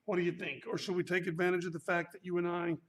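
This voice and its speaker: This male martial arts instructor talks fast in a high, slightly bright voice with little pitch movement. Leading a live workout class in an echoey studio, he counts reps aloud and jokes with playful, corny puns.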